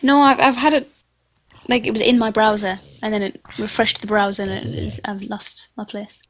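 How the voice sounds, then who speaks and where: A woman chatting casually in an offhand, low-key way during a game livestream. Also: flat delivery, normal speed, a bit bright, poor audio. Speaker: co-host in the room. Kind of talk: casual chat.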